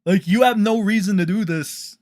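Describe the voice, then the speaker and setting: A man ranting on a stream as he reads out tweets, swearing often and mocking, and at times rising into loud outbursts. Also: high voice, normal speed. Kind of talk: casual ranting commentary.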